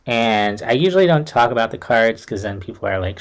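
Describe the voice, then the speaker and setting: A man's voice: lowish voice, animated, brisk. A young man giving a casual, reassuring tarot reading to camera, talking in a loose, chatty way full of fillers. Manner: chatty, reassuring, uses many fillers like "like" and "kind of". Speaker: tarot reader.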